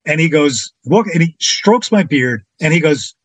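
Animated husky man telling a story. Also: normal speed, few pauses, dry recording. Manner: animated, acts out quotes with big pitch jumps. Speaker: podcast guest. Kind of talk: casual storytelling anecdote.

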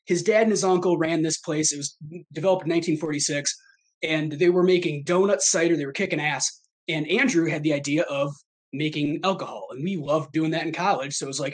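Husky thirties guy from michigan, kinda high voice, rambles and laughs at himself on a podcast. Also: a little fast. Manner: rambling, self-deprecating, laughs often. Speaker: podcast guest. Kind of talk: casual chat.

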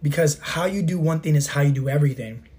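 A man in his thirties with a hoarse, sore throat hosting a motivational fitness podcast, talking emphatically and asking rhetorical questions. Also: fairly high pitch, fast talker, a little mellow. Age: 30s. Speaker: podcast host and fitness coach.

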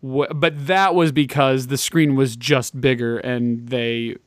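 A man's voice: mid-range voice, fairly even intonation, slow, no room sound. Rambling man chatting casually, dry sound. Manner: rambling, with many fillers and restarts. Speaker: podcast co-host. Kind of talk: casual chat about retro games.

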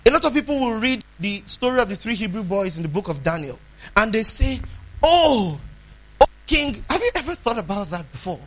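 High, bright-voiced preacher. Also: male voice, very animated, fast talker, rough recording. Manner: emphatic, asks the congregation questions, swings between loud and hushed. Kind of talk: sermon.

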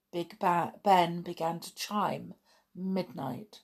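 A woman narrating a children's story aloud, expressive, with dramatic pauses. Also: lowish voice. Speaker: audiobook narrator.

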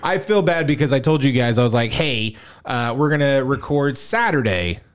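A man's voice: mid-range voice, expressive, moderate pace, clear, resonant tone. Laid-back man, laughing storyteller. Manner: laughs often, swears casually. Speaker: podcast host. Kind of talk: casual chat.

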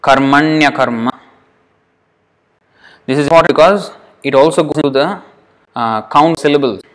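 A man teaching Sanskrit pronunciation to a class, patient and repetitive, drawing words out slowly to demonstrate them. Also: on the high side. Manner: patient, repeats words slowly to show how they sound.

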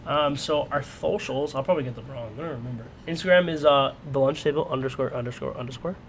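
Rambling young man at a noisy table. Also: medium pitch. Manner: rambling, halting, swears. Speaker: podcast co-host. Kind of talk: casual chat. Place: dinner table.

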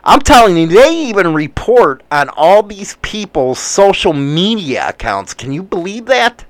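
A man in his forties with a Chicago accent, rambling through news with profane, animated asides. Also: high-pitched, unhurried, no echo. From United States. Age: 40s. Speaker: commentator reading news. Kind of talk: casual commentary.

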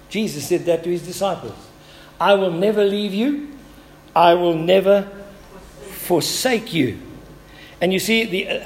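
A man with a high voice preaches a sermon as a pastor in a church. He stretches out key words and moves between loud declarations and near-whispered phrases. A long reverb from the large hall trails every line.

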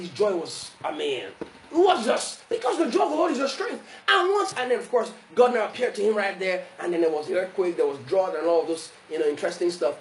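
Animated high-voiced preaching pastor, echoey room. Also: male voice, a little hiss or hum. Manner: animated preaching, acting out Bible figures, rising to shouts. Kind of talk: sermon.

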